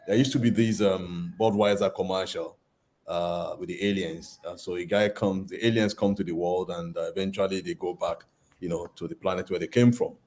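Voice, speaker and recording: A man's voice: low voice, steady tone, fairly quick, a little mellow. A man moderating a webinar panel on a video call, chatting and passing questions to guests.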